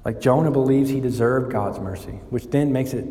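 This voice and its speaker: A pastor delivers a sermon at a moderate pace, animated and climbing in pitch and volume whenever he builds or drives home a point. The recording is from an echoey church hall with a long reverb tail.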